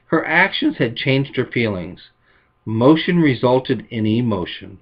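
A man's voice: lively intonation, unhurried, muffled recording. A male pastor preaching a sermon, telling illustrative stories in a folksy way and lifting his voice for quoted lines. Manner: folksy storytelling, voices quotes with rising pitch.

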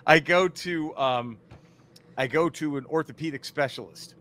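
A man co-hosting a casual comedy podcast, profane and laughing, acting out other people's lines in animated voices. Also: a little high, unhurried. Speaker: podcast co-host.

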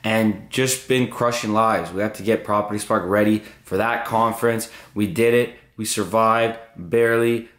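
A hoarse young man who has lost his voice talks upbeat and hyped to camera as a vlogger. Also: fairly low pitch, steady tone, normal speed, hardly any pauses, fairly bright tone. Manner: upbeat, hyped, pep-talk phrases. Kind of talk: casual vlog talk to camera. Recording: roomy sound with music underneath.

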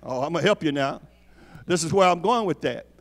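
A man with a high voice preaches a sermon in a church sanctuary. He repeats key phrases and calls out to the congregation for a response. His voice rings out with a long hall reverb. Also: animated, brisk. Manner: call-and-response preaching, repeats lines for emphasis. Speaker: apostle preaching.

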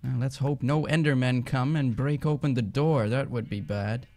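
A man with a Dutch accent, rambling chattily as he plays and narrates a game, and quick to get excited. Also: mid-range voice. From Netherlands. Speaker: gaming channel host. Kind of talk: casual let's-play commentary.

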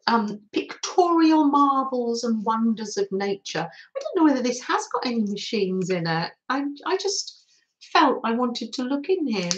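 A woman's voice: fairly high pitch, very animated, a little slow, highs cut off, slight background noise. An older woman hosting a casual craft livestream, gushing over her materials and answering viewers' comments as she works.

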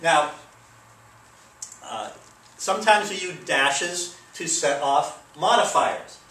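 A man giving an informal English lesson, relaxed and unhurried, with many fillers and asides. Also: on the high side, a little hiss or hum. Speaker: English teacher. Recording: roomy echo, mic at a distance.

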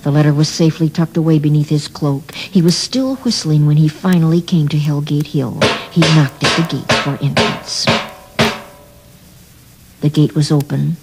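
A man narrating a children's audiobook in a measured, dramatic way. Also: on the high side, darkish tone, faint music behind, poor audio. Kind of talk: scripted storytelling for children.

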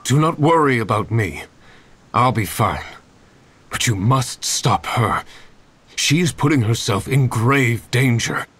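A slow, weary man. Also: medium pitch, animated, fairly bright tone, husky, heavily acted. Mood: earnest. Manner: slow, tired, earnest. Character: weary man recovering from the cold. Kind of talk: video game voice acting.

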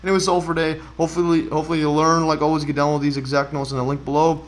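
A man's voice: on the high side, little pitch movement, very fast. A man explaining a math problem in a casual screen-recorded lesson, thinking aloud with frequent fillers and self-corrections, and keen on the animation he shows. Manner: enthusiastic about the animation. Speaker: math tutor.

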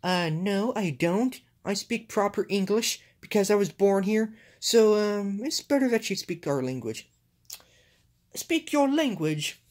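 A woman's voice: medium pitch, expressive, measured pace, darkish tone. A woman voicing a grumpy, rude male green ogre, sighing and grumbling in home toy play-acting.

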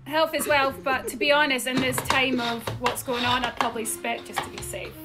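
Scottish woman, high voice, playful teasing on a call; loud music bed. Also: fairly even intonation, brisk. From Scotland. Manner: teasing, laughs often. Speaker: dating app match on video call. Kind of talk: playful flirty banter. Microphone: video call.

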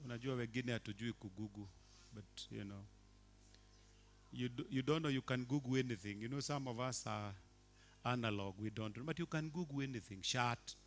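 A man, preaching a sermon as a bishop in a church, animated and shifting between quiet and loud. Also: medium pitch. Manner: animated, swings from quiet to shouting.

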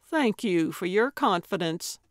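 A woman's voice: fairly low pitch, animated, a little slow, no room sound, clean studio sound. A woman narrator voicing a stubborn, eccentric elderly woman sleuth who talks in an indignant, childish, proud way.

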